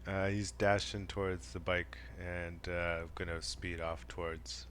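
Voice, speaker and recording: A man taking his turn in a tabletop game, pausing often with fillers. His voice is very deep, and a faint noise sits behind him. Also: little pitch movement, a bit bright. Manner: hesitant, many uhs. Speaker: player.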